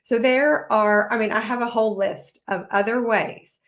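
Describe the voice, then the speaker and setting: A woman in her forties hosting a solo parenting podcast, talking in a lively way and acting out what her kids say. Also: fairly high pitch, normal speed. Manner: animated, acts out kids' voices. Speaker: podcast host.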